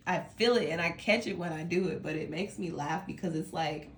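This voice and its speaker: Low-pitched tired woman with a Colorado accent, casual tarot reader, slight lisp, faint background noise. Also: a little fast. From Denver, Colorado. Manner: rambling, chatty, laughs often. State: sleepy. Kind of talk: casual monthly tarot reading.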